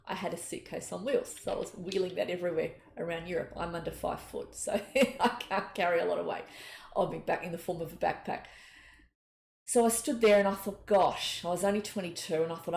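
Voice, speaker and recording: A middle-aged woman, a psychic giving an earnest, gentle spiritual talk and telling personal stories. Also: lowish voice, fairly quick, creaky. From Australia. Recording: echoey room, faint noise.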